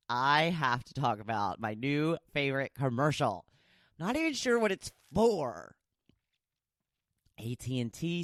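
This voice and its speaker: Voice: mid-range voice, dry recording, studio quality. A podcast host talking casually on their own, rambling from one story to the next with lots of asides. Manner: chatty and rambling, with many asides. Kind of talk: casual solo podcast chat.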